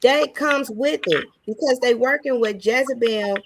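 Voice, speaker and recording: A woman's voice: on the high side, unhurried, noisy background. A woman talking casually as a guest, emphatic and testifying. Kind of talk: casual talk.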